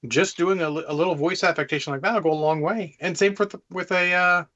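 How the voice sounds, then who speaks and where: A man's voice: sits high, steady tone, fast talker, bright, forceful tone, muffled recording. A man co-hosting a tabletop gaming podcast, talking loosely and animatedly in casual chat. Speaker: podcast co-host, game master.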